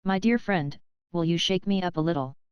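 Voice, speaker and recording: A woman's voice: on the low side, normal speed, smooth, no echo, lo-fi sound, natural voice. A woman reading the lines of a frail, grasping old moneylender in a storybook, wheedling and wheezy. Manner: fawning, wheezy, crafty.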